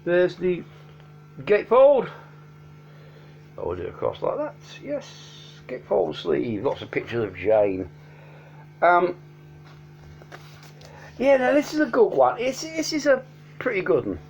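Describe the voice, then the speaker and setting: A man chats through a casual record review, his pitch bouncing up and down as he rambles with plenty of ums and restarts. The sound is dull and lo-fi, with a faint hum running underneath. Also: wildly swooping pitch, a little slow, vocal fry, pauses often, a little mellow. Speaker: album reviewer. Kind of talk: casual unscripted album review.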